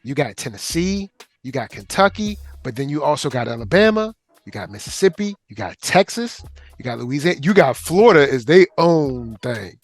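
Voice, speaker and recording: A man hosting a casual podcast, relaxed and explaining things to his listeners. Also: a little high, normal speed, no echo, soft background music. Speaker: podcast host. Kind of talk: casual chat.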